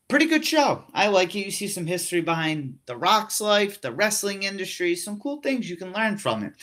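A man's voice: fairly high pitch, fairly bright tone. Laid-back rambling young man. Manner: rambling, lots of "you know" fillers; laid-back, self-mocking. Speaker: podcast host. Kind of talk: casual wrestling chat.

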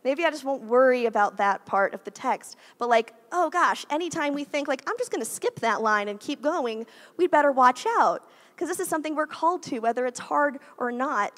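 Preaching as a guest in a church, this thirtysomething woman keeps her sermon conversational and chatty, dropping frequent "like" and "right?" asides. Her voice is on the high side and fairly bright.

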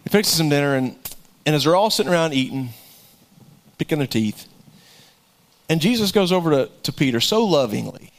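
A pastor with a high voice for a man preaches a folksy sermon. He talks in an animated way, throws in jokes and often repeats words as he goes. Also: fairly quick, long pauses.

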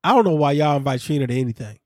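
A man hosting a casual recap podcast, talking in an animated way, laughing and quoting people as he tells the story. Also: medium pitch, rapid-fire, dry recording, studio quality. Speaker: podcast host.

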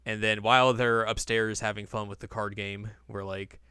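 A man's voice: fairly low pitch, flat delivery, moderate pace, pushed and bright, clear, resonant tone, no room sound, clean studio sound. A young man hosting a podcast, casually recapping an episode and acting out lines in silly voices. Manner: chatty, acts out quotes in silly voices. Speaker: podcast host.

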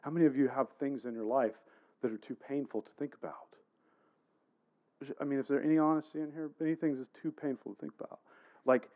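A man's voice: medium pitch, fairly even intonation, fairly quick, phone-quality sound. A man preaching a sermon, telling a personal story in a conversational way and putting questions to the congregation. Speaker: pastor.

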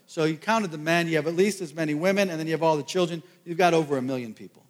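A male pastor preaches in an animated, storytelling way, slipping in jokey asides. His voice sits a little high for a man. The sound carries a long hall reverb. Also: very fast, few pauses. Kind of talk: sermon.

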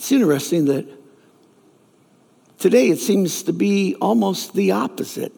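Animated gravelly preacher in a big hall. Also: male voice, high-pitched, unhurried. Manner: animated, acts out characters' lines in raised voices. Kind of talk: sermon storytelling. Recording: long reverb of a large hall.

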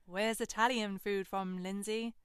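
A woman's voice: mid-range voice, fairly even intonation, a little slow, clean tone, no room sound, clean studio sound, natural voice. A woman mimicking her smug, mocking young boyfriend in a storytelling monologue.

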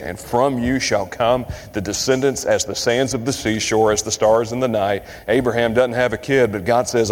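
A man preaching a sermon at a middle pitch, his voice trailing off in a long hall reverb. He is from Kentucky and quotes scripture, stretching some phrases slowly and lifting others high for emphasis. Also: steady tone, darkish tone. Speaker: pastor.

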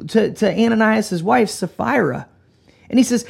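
A man preaching a sermon in an animated, emphatic way, often dropping to a soft, low delivery. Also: moderate pace, gravelly, breathy edge. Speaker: pastor.

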